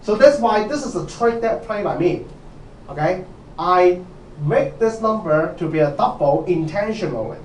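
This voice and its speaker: Male lecturer, higher voice, asks questions often, echoey hall, distant mic. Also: a little mellow, a little hiss or hum. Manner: repetitive, asks students questions, many "okay"s. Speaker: university lecturer. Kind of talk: live programming lecture.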